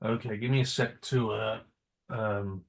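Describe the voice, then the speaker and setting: A man's voice: on the low side, fairly even intonation, gravelly. A man playing a tabletop game, speaking hesitantly with many fillers as he works out the rules. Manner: hesitant, deliberate. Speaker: player. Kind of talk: casual play chat.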